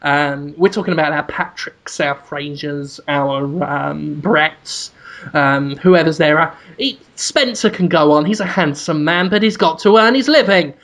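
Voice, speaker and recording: A man co-hosting a podcast, telling a sweary comic story with shouted mock proclamations. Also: on the high side, measured pace. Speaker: podcast co-host. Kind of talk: casual comedic storytelling.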